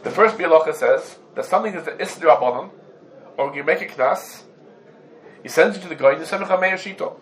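A man's voice: a little high, fast talker, poor audio. A man teaching a religious law class to students, laying out cases through rhetorical questions and Hebrew terms mixed into English. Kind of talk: Talmudic law lesson.

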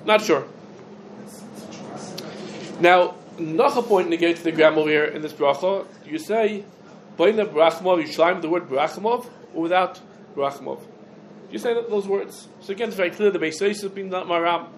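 A man's voice: high-pitched, moderate pace, slight background noise. A man teaching a Torah lesson on prayer wording, thinking aloud and mixing Hebrew and Yiddish terms into his English. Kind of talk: halachic lecture.

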